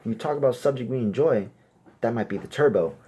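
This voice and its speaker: A young man performing a crude stand-up comedy set, brash, and loudly acting out little exchanges. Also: mid-range voice, fast, breathy edge. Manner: crude, brash, acts out exchanges in raised voices.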